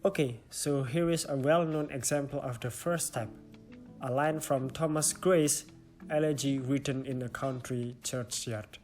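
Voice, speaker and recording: A man's voice: mid-range voice, steady tone, measured pace, a little mellow, soft background music. A young man with an Indonesian accent, a student presenting a stylistics lesson and explaining it step by step. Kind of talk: reading a class presentation.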